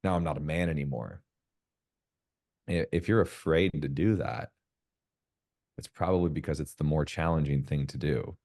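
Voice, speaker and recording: A man's voice: a bass voice, moderate pace, pauses often, darkish tone. A man, a podcast guest, talking frankly in casual conversation, swearing freely and acting out quoted dialogue in other voices.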